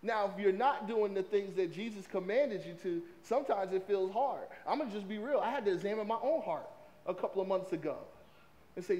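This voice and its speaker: A man delivers a sermon. His voice sits high for a man. He talks in a loose, conversational way and keeps asking the congregation questions. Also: a little fast. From American South. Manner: lively, conversational preaching with crowd prompts. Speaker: pastor.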